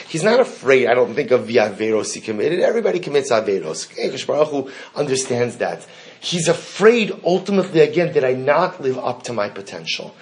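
Male Talmud teacher, mid-pitched, animated lecture, rhetorical questions, repeats himself. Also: fast talker. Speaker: Torah teacher.

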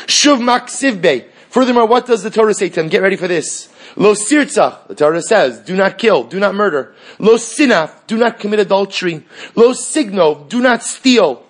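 A man teaching a Talmud class, telling the story with animated dialogue and rhetorical questions. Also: high-pitched, moderate pace. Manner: animated storytelling, acting out dialogue between characters; frequent restarts and rhetorical questions. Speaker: Torah teacher.

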